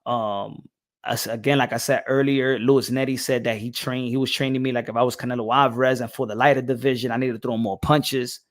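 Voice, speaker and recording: A young adult man hosting a casual boxing live stream, slangy and animated, switching between English and Spanish. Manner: animated, with quick jumps to high excited bursts. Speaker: boxing channel host.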